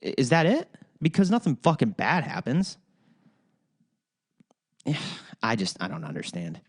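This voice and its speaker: A man's voice: mid-range voice, huge pitch swings, slow, husky. A man hosting a solo podcast, ranting in a rambling, profane way with frequent restarts. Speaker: podcast host.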